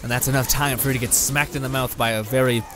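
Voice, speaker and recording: A young Canadian gaming YouTuber with a medium-pitched, steady voice talks fast over a noisy background. In casual let's play commentary, he rambles and laughs a lot as he plays a video game, sometimes swearing at it.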